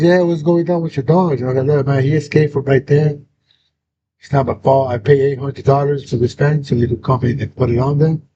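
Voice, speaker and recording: A young man, hosting a casual chat and telling a story full of slang and swearing. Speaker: host. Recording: dull lo-fi sound with faint rumble.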